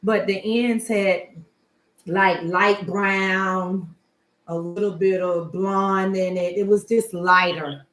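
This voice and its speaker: Animated woman, echoey and off-mic. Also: slow. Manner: animated, swinging between loud outbursts and low murmurs; flirtatious, teasing. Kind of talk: casual livestream chat. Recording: echoey room, far from the mic.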